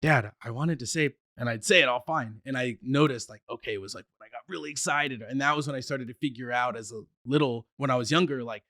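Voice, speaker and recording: A man's voice: mid-range voice, fast talker, few pauses, fairly bright tone, no room sound, studio quality. Stuttering man chatting as a podcast guest. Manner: stutters, many restarts; eager, laughs often. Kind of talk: casual chat.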